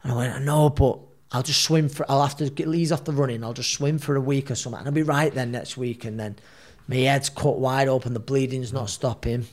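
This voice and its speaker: A man, telling a story as a podcast guest in a rambling, animated way, full of fillers. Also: medium pitch, a little fast. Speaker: guest, boxer.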